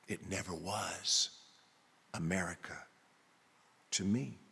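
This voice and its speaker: A man voicing a weary, downtrodden man who answers in a low, hushed, somber tone. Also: expressive, slow, long reverb tail.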